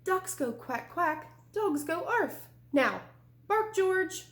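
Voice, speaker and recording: A woman's voice: very high voice, expressive, slow pace, a bit bright, voice pushed up, exaggerated voice. A woman voicing a dog mother who patiently and firmly coaxes her pup to bark, in a storybook read-aloud. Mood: coaxing. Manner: patient, repetitive coaxing commands. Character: firm, insistent dog mother. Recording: roomy echo.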